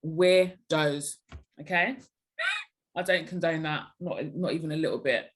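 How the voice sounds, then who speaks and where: A woman's voice: sits low, a little slow. Blunt, emphatic young woman guest. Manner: emphatic, blunt, animated reactions. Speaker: podcast guest, fellow podcaster and author. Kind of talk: casual podcast chat, giving advice.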